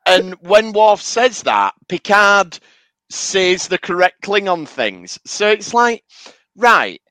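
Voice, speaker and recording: A man's voice: high-pitched, sing-song, takes it slowly, pushed and bright, dry recording, poor audio. A man co-hosting a podcast in casual chat, rambling and sweary, acting out quoted lines. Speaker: podcast co-host.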